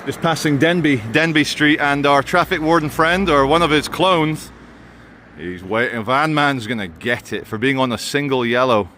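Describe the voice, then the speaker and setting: An English man films himself walking through city streets, giving viewers chatty, mocking commentary. His voice is fairly high and bright with a pushed quality, at a moderate pace. Faint outdoor street noise can be heard.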